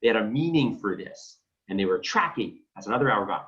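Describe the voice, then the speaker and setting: Male real estate coach, emphatic and lively, dull lo-fi audio. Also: on the low side, brisk. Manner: emphatic and blunt, acts out phone calls. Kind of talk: coaching talk to realtors. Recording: dull lo-fi sound.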